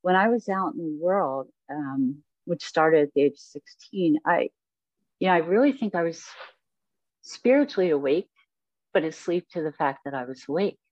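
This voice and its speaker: A woman's voice: low-pitched, expressive, moderate pace, a little mellow, no echo. A woman guest speaking in an interview, telling her life story in a reflective, rambling way with many fillers. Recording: dull, dry sound.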